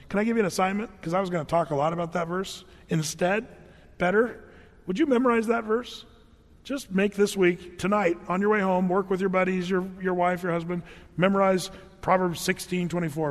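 High-voiced preacher in an echoing hall. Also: male voice, fairly even intonation, normal speed. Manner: conversational, reads old scripture aloud, swings from hushed to loud. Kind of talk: sermon, verse-by-verse Bible teaching. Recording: long reverb of a large hall.

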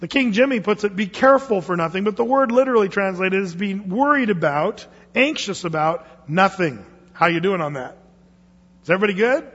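A man's voice: high voice, lively intonation, a little fast, fairly bright tone, husky. A man preaching a sermon to a congregation in a conversational, joking way, asking them questions. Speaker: pastor. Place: church sanctuary. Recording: echoey hall, dull lo-fi sound.

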